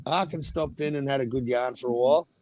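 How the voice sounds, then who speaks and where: Gravelly, laid-back man in banter. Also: mid-range voice, fast talker, crowd noise. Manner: laid-back, agreeable, swears casually. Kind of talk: casual profane banter.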